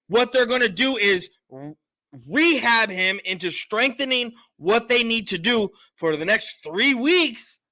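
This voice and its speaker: Sports host, man; high, bright voice, loud and emphatic, a bit tipsy. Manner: loud, emphatic, repetitive insistence. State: been drinking a little. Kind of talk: heated sports opinion talk.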